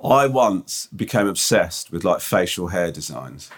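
A man co-hosts a casual podcast. His speaking voice sits somewhat low. He reads listener emails aloud and tells self-mocking stories, often restarting his sentences. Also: very animated, measured pace. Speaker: podcast co-host. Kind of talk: casual chat.

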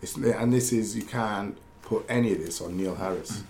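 This man, once a footballer, rambles through casual stories at normal speed in a slightly mellow voice on the low side. He laughs and self-corrects as he talks, with a roomy echo and faint background noise in the recording.

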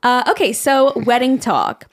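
A woman podcast host with a lively, up-and-down voice, pitched a little high. She chats casually, reads listener emails aloud, swears freely and laughs often. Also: a little slow, no echo.

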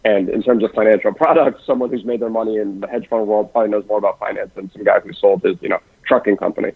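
A man who works in investments at a family office, talking quickly and densely in a podcast conversation, with frequent restarts. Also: fairly low pitch, steady tone, vocal fry, breathy edge, no echo. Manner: rapid-fire, dense talker with many restarts. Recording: dry, phone-like lo-fi sound.

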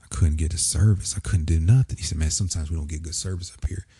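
A man from Springfield, Illinois, telling a lively story in casual talk and acting out the voices of the people in it. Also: extremely low pitch, fast, slightly rough, no room sound. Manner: animated storyteller, acts out quoted voices. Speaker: podcast guest.

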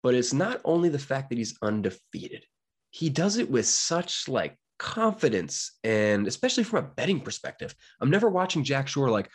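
A man's voice: mid-range voice, big pitch swings, moderate pace, slightly rough. A young man, brash and jokey, giving casual betting picks as a podcast producer. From Pennsylvania, USA. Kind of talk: casual monologue.

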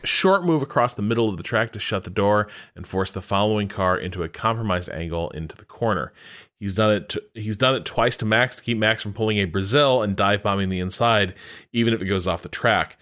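A man with a low voice co-hosts a podcast. He reads listener mail aloud and then chats with plenty of hesitation. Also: a bit bright. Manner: hesitant, halting. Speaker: podcast co-host. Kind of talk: reading listener mail, casual chat.

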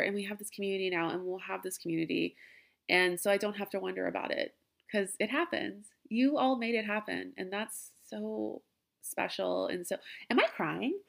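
A woman's voice: medium pitch, gravelly. A young woman hosting a podcast from her den at home, talking casually and emotionally in a rambling way with frequent laughs. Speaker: podcast host. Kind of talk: casual heartfelt farewell talk. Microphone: laptop.

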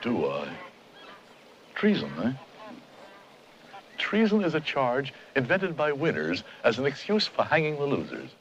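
A man's voice: mid-range voice, wildly swooping pitch, a little slow, long pauses. An actor playing a witty, unflappable older statesman in a musical film clip, with dry, teasing humor. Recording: dull film clip with faint ambience.

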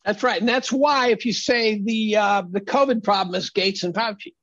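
A man's voice: high-pitched, moderate pace, a bit bright, no echo, highs cut off. A man speaking as a podcast guest in casual conversation, emphatic and argumentative.

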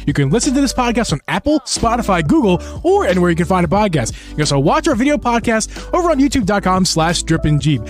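A podcast host with a high voice for a man, talking casually and getting excitable, laughing often. Faint music plays underneath. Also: fast, hardly any pauses. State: out of breath.

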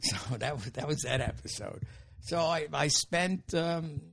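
An older man telling stories as an interview guest, animated and laughing, with casual swearing. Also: fairly high pitch, a little slow, vocal fry. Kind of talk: storytelling in an interview.

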